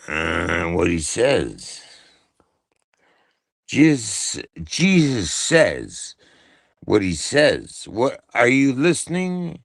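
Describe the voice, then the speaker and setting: A man rants on his live stream in a repetitive, profane, mocking way. He talks very slowly, and his pitch swings up and down widely. His gravelly voice sounds dry and close, with no room echo. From Canada.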